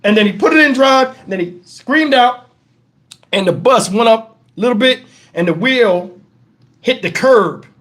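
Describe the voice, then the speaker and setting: Man, livestream host, high voice, profane animated storytelling. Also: unhurried. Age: adult, twenties long past.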